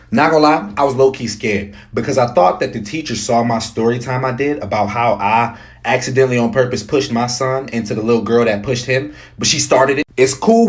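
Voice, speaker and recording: A man telling a casual, chatty story to camera as a parent. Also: medium pitch.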